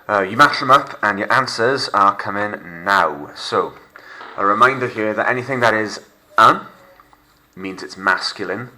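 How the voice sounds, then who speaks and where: Bright and forceful, a man with a deep voice walks through a recorded remote lesson one step at a time, patient and using fillers. The recording quality is low.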